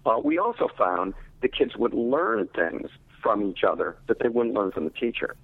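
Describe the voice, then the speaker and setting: Gravelly-voiced researcher, measured and explanatory, heard over a tinny phone line. Low male voice. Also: very animated, no room sound. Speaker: literacy researcher and teacher.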